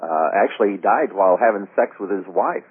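A man's voice: fairly low pitch, a little fast, breathy edge. A man co-hosting a radio talk show, a former pastor telling stories in a rambling way with many fillers. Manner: rambling storyteller, trails off with fillers. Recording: narrow phone-like radio sound.

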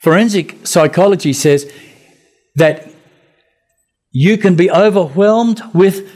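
Mellow-voiced male preacher. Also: sits high, takes it slowly. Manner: animated storytelling, acting out biblical voices. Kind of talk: sermon.

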